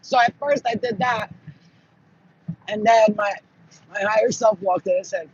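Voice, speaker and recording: A man telling spiritual stories in casual monologue, profane and animated, acting out what people said. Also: high voice, a little slow, long pauses, husky, dull audio. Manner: profane, animated, acts out quotes. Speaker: spiritual channel host.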